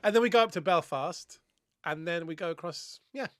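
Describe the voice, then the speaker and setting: A man with an Irish accent co-hosting a comedy podcast, chatting in an animated, camp and theatrical way. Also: a little high, normal speed, dry recording, studio quality. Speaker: podcast co-host. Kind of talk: casual comedic chat.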